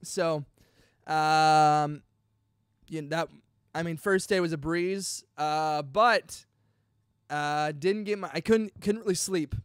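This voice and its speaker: A young man hosting a podcast, excitedly telling a personal story in casual chat, full of dude and bro. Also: fairly high pitch, slow, long pauses, clear, resonant tone, no room sound, studio quality. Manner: chatty and excitable, peppers talk with dude and bro. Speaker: podcast host.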